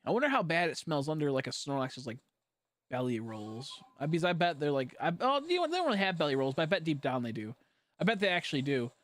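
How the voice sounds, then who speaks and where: A man's voice: fairly high pitch, very animated, fast talker, a bit bright. A young man chatting casually on a livestream, rambling and joking and laughing often as he talks. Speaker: streamer.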